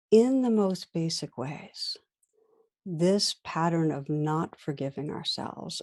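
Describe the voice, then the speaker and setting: A woman meditation teacher giving a gentle, reflective dharma talk, weaving in stories. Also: low voice, no echo.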